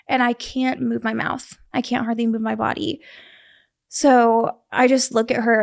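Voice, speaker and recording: A woman's voice: a little high, level tone, moderate pace, vocal fry. A young woman earnestly recounting a personal story in casual conversation, with frequent restarts. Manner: vivid, earnest retelling with many restarts. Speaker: guest sharing a survival story.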